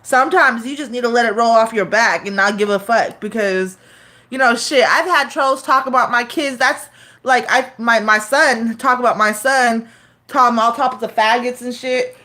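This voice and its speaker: A woman in her thirties talking to her live-stream chat in a loose, rambling way. She swears freely and keeps restarting her sentences with fillers. Her voice sits slightly on the high side. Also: normal speed, sharp tone.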